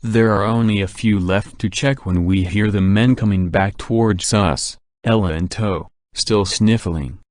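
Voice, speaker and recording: Low-voiced man reading an audiobook. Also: a little slow, hardly any pauses, no room sound, studio quality. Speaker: audiobook reader. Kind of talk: scripted narration.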